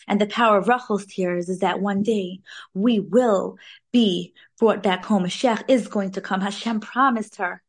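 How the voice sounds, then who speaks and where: A woman giving an informal, animated weekly Torah talk, sprinkling in Hebrew terms. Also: medium pitch, measured pace, slightly rough. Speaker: Torah class speaker.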